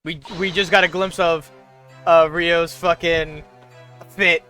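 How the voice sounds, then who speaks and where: A man's voice: fairly high pitch, flat delivery, slow pace, pushed and bright, faint music behind. A man streaming a story game, chatting casually, laughing often and swearing as he reads lines aloud. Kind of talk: casual gaming commentary.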